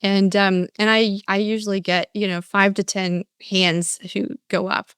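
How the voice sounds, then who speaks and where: A woman's voice: mid-range voice, little pitch movement, measured pace, a bit bright, clear, resonant tone, no room sound, studio quality. An older woman giving a motivational talk as a speaker and coach, earnest, often restarting and acting out answers from her audiences.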